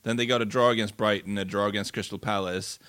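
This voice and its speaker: Brief: male football pundit, bright forceful voice, low-ish pitch, dry close sound, chatty analysis with many restarts. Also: steady tone, quick pace, dry recording. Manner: fluent but full of restarts and repeated words. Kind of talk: casual sports podcast analysis.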